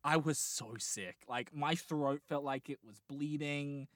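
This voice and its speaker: A woman's voice: low voice, measured pace, dry recording. A woman, co-hosting a casual chat in a dry, self-mocking way. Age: 20s. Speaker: podcast co-host.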